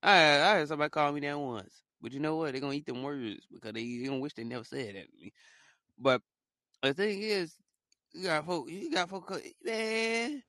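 Bright, dry-voiced man riffing casually. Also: a little high, brisk, dry recording. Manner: rambling, joking, laughs often, mocks haters in put-on voices. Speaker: podcast host. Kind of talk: casual motivational monologue.

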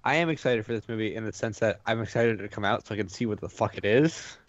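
A man co-hosting a casual podcast chat, excitable and quick to swear. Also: on the low side, no room sound, lo-fi sound. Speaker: podcast co-host.

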